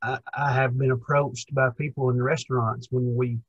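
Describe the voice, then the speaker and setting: A young male minister with a husky, slightly breathy voice at an ordinary pitch. He talks through the lesson casually, circling back and restarting as he gathers his thoughts. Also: little pitch movement, moderate pace, muffled recording. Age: young adult. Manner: rambling, many restarts, chuckles. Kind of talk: conversational Bible lesson.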